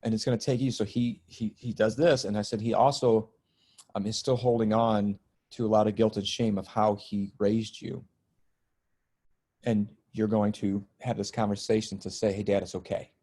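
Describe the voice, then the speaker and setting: A man's voice: lowish voice, little pitch movement, normal speed, dark tone. A middle-aged man, a spiritual teacher and healer, telling a personal story as a guest on a podcast interview, earnest and emotional, easing tension with jokes.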